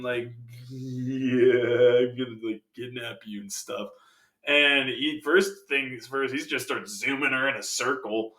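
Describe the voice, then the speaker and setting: Bright, rambling man reviewing a film. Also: medium pitch, roomy sound. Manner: rambling, jokey, sidetracked asides.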